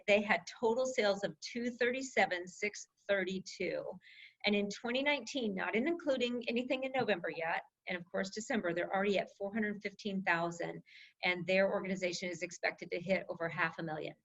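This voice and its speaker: A woman leads a team call over a video link, bubbly and quick to laugh as she runs through numbers. Her voice has a husky, slightly breathy edge. The call audio sounds a bit dull and lo-fi. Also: medium pitch, a bit bright. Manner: enthusiastic, laughs often, reads out numbers. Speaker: team leader hosting a coaching call. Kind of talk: upbeat online team call.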